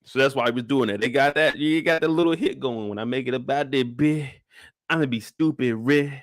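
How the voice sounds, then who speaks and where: A young man hosting a casual live recap show, joking and profane, ranting with sudden high-pitched bursts of outrage. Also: brisk, no room sound, studio quality. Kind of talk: animated casual recap chat.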